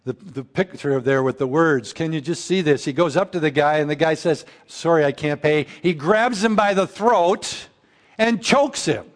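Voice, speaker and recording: A man preaching an earnest sermon, often dropping his voice low and slow for quoted prayers. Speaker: pastor.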